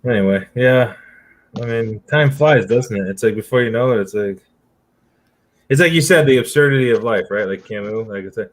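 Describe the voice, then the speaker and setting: A man's voice: mid-range voice, normal speed, low-quality recording. A man chatting casually, rambling and full of filler words, laughing often. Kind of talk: casual chat.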